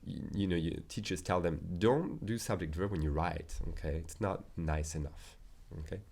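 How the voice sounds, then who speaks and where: A man's voice: deep voice, gravelly, a little mellow. French-accented man teaching French. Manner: slow deliberate pronunciation of French examples, frequent "okay?" check-ins. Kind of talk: casual language lesson.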